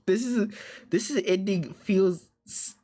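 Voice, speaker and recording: A male streamer reacting excitedly while reading a story game aloud, swearing often and raising his voice. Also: sits high, slow pace. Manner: excitable, swearing, loud outbursts.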